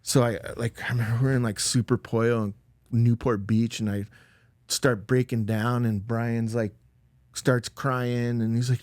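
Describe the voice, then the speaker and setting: A middle-aged man talks as a podcast guest, telling a personal story in loose, rambling conversation. His voice sits at an ordinary middle pitch. The sound is dry and close, with no room around it. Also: little pitch movement, normal speed, a little mellow, no echo. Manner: rambling, emotional, peppered with "like".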